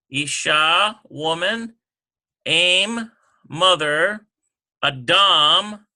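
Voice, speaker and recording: A man gives an unhurried, informal language lesson, pausing often to think aloud. His slightly high voice is gravelly, with a sharp, bright edge. He drawls through each word at a very slow pace. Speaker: Hebrew teacher.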